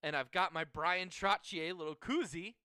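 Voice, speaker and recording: Man, bright tense tone, smooth clear voice, dry close sound, profane storyteller. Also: sits high, moderate pace, dry recording. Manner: profane, storytelling, laughs often. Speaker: podcast co-host. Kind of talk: casual sports chat.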